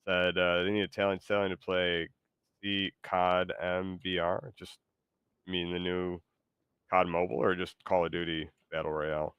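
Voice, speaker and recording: A man hosting a livestream, excitable and rambling, with sudden loud bursts. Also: sits low, normal speed, clean tone, dry recording, muffled recording. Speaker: streamer host. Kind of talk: casual livestream chat.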